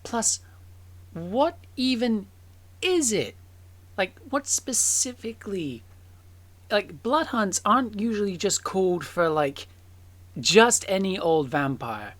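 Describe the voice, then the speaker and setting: A woman's voice: mid-range voice, big pitch swings, slow, long pauses, pitched above the performer's own voice. A woman voicing a flustered bookish woman in glasses. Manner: flustered, stammering. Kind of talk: tabletop role-play in character.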